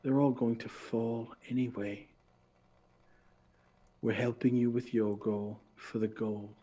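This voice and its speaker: A man's voice: mid-range voice, little pitch movement, slow pace, mellow, muffled recording, a little hiss or hum, lightly acted. Man doing a silky, condescending villainess. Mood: icy, condescending.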